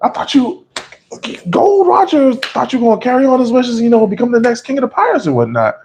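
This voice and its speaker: A man voicing a brash, hot-headed male clown pirate captain, shouting indignant retorts in a raised voice. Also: extremely high pitch, sing-song, fairly quick, slight background noise, pitched above the performer's own voice, full character voice. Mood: shocked disbelief.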